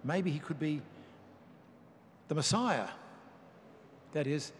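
A man preaching a sermon, reading and explaining scripture in a measured, emphatic way. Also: fairly high pitch, slight background noise. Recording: long reverb of a large hall.

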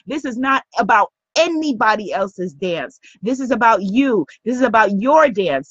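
A high-pitched woman speaking as a spiritual business coach on a live stream. She is emphatic and coaxing and talks straight to her viewers. The audio is dry and a bit dull. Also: dry recording. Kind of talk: live-stream motivational talk.

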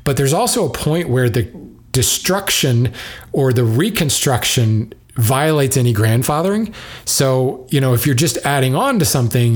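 A man's voice: medium pitch, darkish tone. A man in the lumber trade giving casual spoken commentary, musing and drifting between side thoughts as he thinks aloud. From United States.

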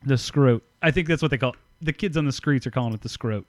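A man's voice: medium pitch, quick pace, no room sound. A man hosting a casual podcast, blunt, emphatic and full of swearing. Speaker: podcast host. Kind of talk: casual profane podcast chat.

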